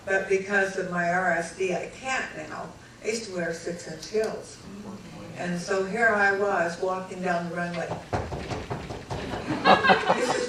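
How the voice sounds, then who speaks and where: A middle-aged woman from California telling her own story to an audience, animated, acting out the voices of the people she quotes and laughing along the way. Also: on the low side, measured pace, heavy background noise. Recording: echoey hall, mic from a distance.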